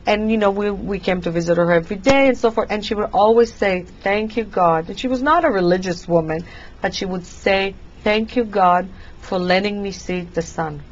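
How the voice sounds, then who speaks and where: A woman's voice: medium pitch, a little fast, highs cut off. A middle-aged woman hosting a talk show, chatty and affirming, telling personal stories with many restarts.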